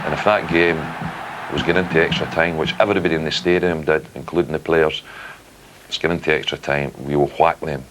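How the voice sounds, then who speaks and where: Very deep-voiced ex-player, matter-of-fact. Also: male voice, fairly even intonation, fairly quick, fairly bright tone, poor audio. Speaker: former player interviewed. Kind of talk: interview.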